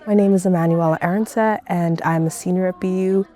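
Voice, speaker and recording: A woman's voice: on the low side, fairly even intonation, fairly quick, dark tone, some chatter behind. A young woman in her twenties from Nigeria, speaking earnestly and thoughtfully in an interview. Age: 20s. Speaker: international student. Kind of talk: interview testimony.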